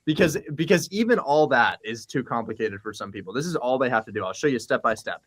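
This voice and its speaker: A blunt, high-energy man talking through his method like a coach. His voice sits at an ordinary middle pitch and he swears freely in casual conversation. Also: animated, quick pace. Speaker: real estate wholesaling coach. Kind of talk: casual chat, animated teaching.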